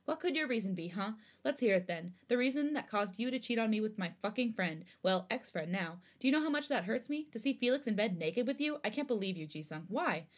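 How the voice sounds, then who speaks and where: A woman's voice: mid-range voice, animated, brisk, hardly any pauses, close to an everyday voice. A woman reading aloud as a young man who angrily accuses his ex of cheating, bitter and hurt. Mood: hurt, accusing.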